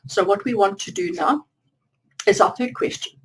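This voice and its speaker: A woman's voice: medium pitch, moderate pace, far from the mic, a little hiss or hum, rough recording. A woman doing a pick-a-card tarot reading, talking earnestly and encouragingly straight to the listener.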